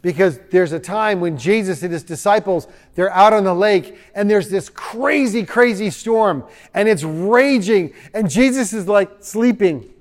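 A man pastor preaching a sermon, animated, acting out the voices he quotes. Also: high voice, measured pace, few pauses, big-room sound.

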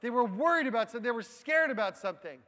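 Pastor, male, high voice, slow deliberate sermon delivery, long hall reverb. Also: animated. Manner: slow and deliberate, dropping soft on key phrases. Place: church.

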